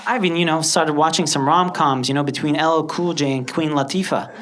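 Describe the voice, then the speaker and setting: Animated stand-up comedian from Lebanon. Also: male voice, brisk. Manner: animated, jumps into high put-on voices. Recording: loud background noise.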